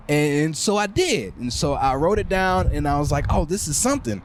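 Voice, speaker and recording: A man with a high voice hosts a loose, casual podcast chat. He laughs easily and stumbles into repeated words as he searches for what to say. A faint noise sits under the recording. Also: animated, fairly quick, few pauses. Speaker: podcast host.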